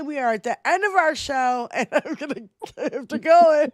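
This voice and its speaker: A woman hosting a political livestream talk show, profane and impassioned, sometimes shouting. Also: high voice, moderate pace, dry recording, studio quality.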